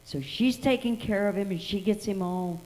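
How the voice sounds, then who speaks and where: A woman's voice: mid-range voice, moderate pace, a little mellow, rough recording. A woman telling a tribute story to an audience at an event, acting out the dialogue as she goes. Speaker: tribute speaker.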